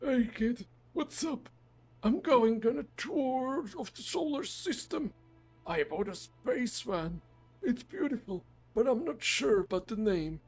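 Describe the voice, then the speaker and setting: A man voicing an excited young grandchild who chatters in a bubbly, breathless way. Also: extremely high pitch, slow pace, soft background music, pitched above the performer's own voice, full character voice.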